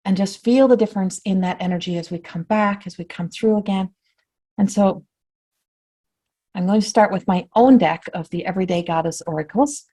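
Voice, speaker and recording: A woman spiritual teacher giving a flowing talk before a guided meditation, repeating and rephrasing, often dropping to a soft hush. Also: mid-range voice. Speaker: spiritual teacher and oracle card reader.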